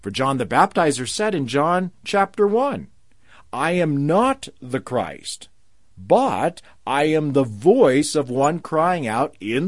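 A man preaching a sermon. He slows down and lifts his voice for emphasis when he quotes scripture. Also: mid-range voice, big pitch swings, dry recording, studio quality.

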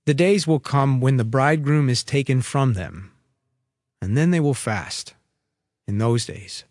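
A man preaching a sermon, reading scripture aloud in a measured, deliberate way before turning to a story. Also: mid-range voice, a little mellow, dry recording, clean studio sound.

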